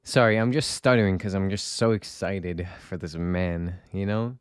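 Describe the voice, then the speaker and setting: A man's voice: deep voice, steady tone, normal speed, clear, resonant tone, no room sound, studio quality. A man streaming a game, reading aloud in a casual, joking way, swearing and stumbling over words. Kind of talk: casual let's-play commentary.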